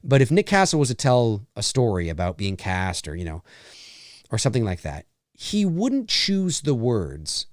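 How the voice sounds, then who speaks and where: A man's voice: medium pitch, moderate pace, no room sound, clean studio sound. A man hosting a podcast, ranting in a casual chat with lots of restarts. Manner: animated, ranting, many restarts. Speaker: podcast host.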